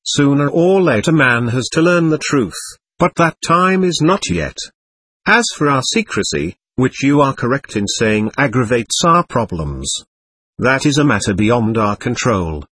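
Guy doing a grave alien overseer, husky, dry sound, slow and somber. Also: mid-range voice, very animated, fairly bright tone, no echo, heavily acted.

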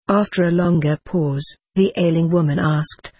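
A woman narrating a sentimental story in a measured, gentle audiobook style. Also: on the low side, fairly even intonation, breathy edge, no echo.

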